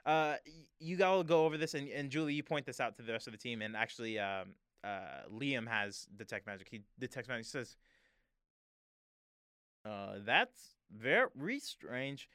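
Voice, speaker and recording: A man's voice: mid-range voice, a little fast, few pauses, fairly bright tone, clean tone. A man narrating as game master in a tabletop game, with hesitant talk and many fillers.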